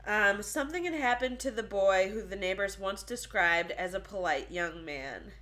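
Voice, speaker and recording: A bright, clear woman hosting a true-crime podcast in an easygoing, chatty way. She reads from her notes with a steady mid-range voice. She breaks off now and then for a wry aside. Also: medium pitch, moderate pace. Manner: reads case notes, jokes and laughs between facts. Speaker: podcast co-host.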